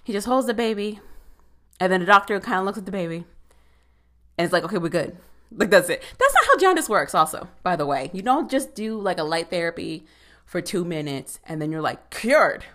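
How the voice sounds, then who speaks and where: A woman's voice: fairly low pitch, fairly quick. A woman casually recapping a TV episode, talking in sassy, profane asides with plenty of filler words. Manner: sassy, profane, animated commentary.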